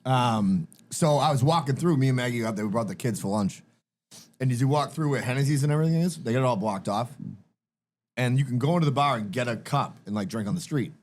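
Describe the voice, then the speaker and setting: A man's voice: medium pitch, animated, darkish tone. A man co-hosting a podcast, telling profane stories in casual chat. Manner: profane, storytelling, quick. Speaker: podcast co-host.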